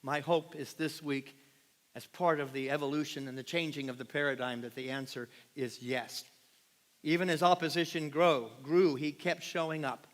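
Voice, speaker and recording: A man preaching a passionate sermon to his congregation, swinging from loud emphatic peaks to quiet, hushed lines and often asking the room questions. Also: mid-range voice. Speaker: pastor. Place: large church sanctuary. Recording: long hall reverb.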